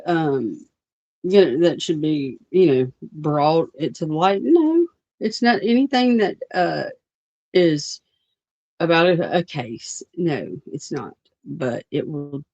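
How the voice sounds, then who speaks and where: Hosting a livestream, a woman with a deep, warm voice goes on a blunt, profane rant, rambling and leaning on many fillers. The recording has no room sound and the dull quality of lo-fi stream audio.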